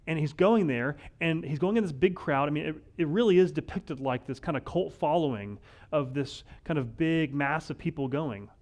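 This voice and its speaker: A male pastor giving a conversational sermon, wry and animated, often acting out the lines of the people in the story. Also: fairly high pitch, moderate pace. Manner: conversational, wry, acts out quoted voices.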